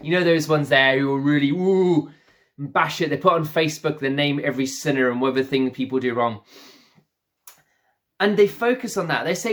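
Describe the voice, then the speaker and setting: A man's voice: a little high, moderate pace, fairly bright tone. A man preaching a sermon as pastor, earnest and repeating phrases for emphasis.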